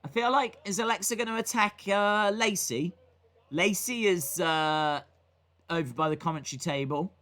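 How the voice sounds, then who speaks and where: A man's voice: high-pitched, normal speed, bright, forceful tone. A man casually reacting to wrestling live, joking, rambling and acting out silly voices.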